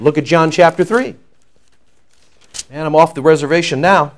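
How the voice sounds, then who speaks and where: A man preaching a sermon as pastor, jumping from loud declaiming to quiet asides and joking with the congregation. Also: on the high side, moderate pace, long pauses. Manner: jokes and banters with the congregation.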